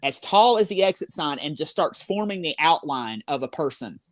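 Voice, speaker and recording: A paranormal investigator tells a ghost story on a podcast, rambling with lots of fillers along the way. The voice sits at a middle pitch. The recording is dry and close. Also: lively intonation, moderate pace, no echo.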